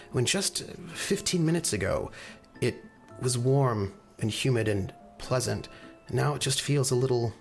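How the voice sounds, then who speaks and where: A man narrating as game master in a tabletop role-playing game, descriptive and loose with many fillers. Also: medium pitch.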